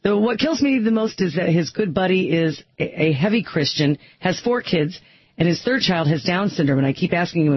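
Female radio co-host, husky, pitched high for a man's range, chatty, dry booth sound. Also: animated, dry recording, lo-fi sound. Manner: chatty, quick to laugh. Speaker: radio talk show co-host. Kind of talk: casual radio talk. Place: radio studio.

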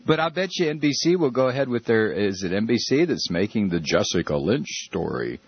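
Male call-in radio host, husky, impassioned ranter, muffled broadcast audio. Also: lowish voice, big pitch swings, fairly quick, no room sound. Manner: impassioned, ranting, many restarts. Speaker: radio talk show host.

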